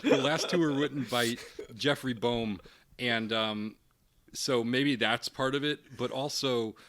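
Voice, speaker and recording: A man talking loosely on a movie podcast, sliding into mocking impressions of film lines. His voice sits at an ordinary middle pitch, and his delivery is easygoing and conversational. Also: fairly bright tone, a little hiss or hum. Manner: acts out movie dialogue in quick put-on voices. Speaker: podcast host. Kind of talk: casual chat.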